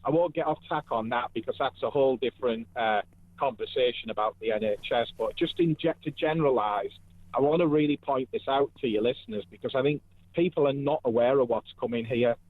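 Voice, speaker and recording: A man's voice: medium pitch, a little fast, dry recording. A man calling in to a radio phone-in, talking earnestly and emphatically as he builds his case. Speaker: caller. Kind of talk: phone-in call. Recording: tinny dry phone line.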